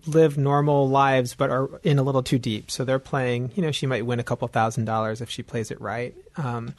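A man, a novelist, talking casually in an interview, thoughtful and animated, often restarting his sentences. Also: medium pitch, no echo. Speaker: novelist guest.

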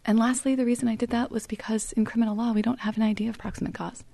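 A woman author being interviewed, telling a legal story in a thoughtful, measured way, sometimes dropping her voice very low. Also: little pitch movement, creaky, dry recording. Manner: thoughtful, storytelling, drops to soft near-whisper at grim points. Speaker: author and writing teacher. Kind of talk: interview guest explaining.

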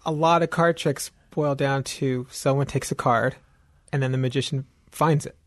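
Chatty novelist with dry close sound. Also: male voice, mid-range voice, normal speed, no room sound. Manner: thoughtful, restarts often, animated when explaining. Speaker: novelist guest. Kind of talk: casual interview talk.

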